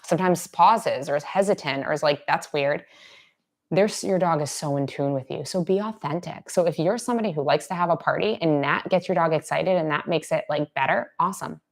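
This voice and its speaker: A woman with a notably low voice explains dog training in a relaxed, chatty way during a live Q&A. Now and then she softens almost to a whisper to model gentle praise. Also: fairly quick, gravelly, few pauses. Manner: conversational, drops to soft near-whispers to demonstrate praise. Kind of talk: casual live Q&A teaching.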